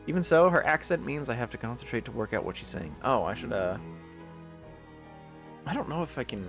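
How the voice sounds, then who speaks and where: A man reading a visual novel aloud as its narrator, expressive and chatty, breaking off into jokey asides. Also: mid-range voice, a little fast, soft background music. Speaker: visual novel reader, channel host.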